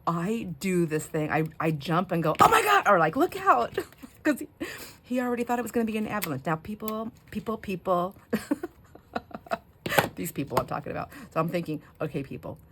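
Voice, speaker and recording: Casting: middle-aged woman craft host, low-pitched, rambling storyteller who laughs a lot, faint hiss behind her. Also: lively intonation, a little slow, long pauses. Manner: chatty storyteller, laughs often, breaks off mid-sentence. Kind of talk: casual chat while crafting.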